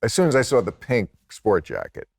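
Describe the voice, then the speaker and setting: Sardonic low-voiced American man in his sixties. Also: wildly swooping pitch, fairly quick, gravelly, darkish tone, slightly rough. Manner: sardonic, profane, laughing asides. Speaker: podcast guest, comedian. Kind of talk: casual chat.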